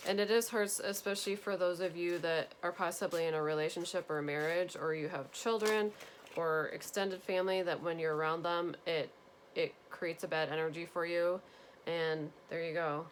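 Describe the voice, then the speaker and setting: Earnest, low-voiced woman giving a tarot reading. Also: fairly even intonation, normal speed, slight background noise. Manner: gentle, earnest, repetitive reassurance. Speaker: tarot reader. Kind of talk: spiritual tarot reading to viewers.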